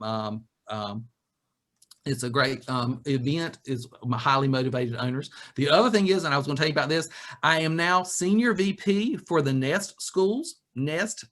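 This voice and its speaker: A man speaking over a video call, giving an animated, joking leadership talk. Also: mid-range voice, moderate pace. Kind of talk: lively webinar talk.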